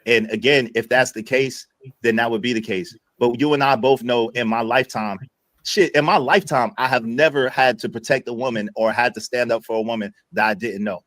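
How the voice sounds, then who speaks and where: A man's voice: mid-range voice, brisk, fairly bright tone, dry recording. A man in his late forties hosting a casual panel debate, pressing his question again and again. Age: 40s.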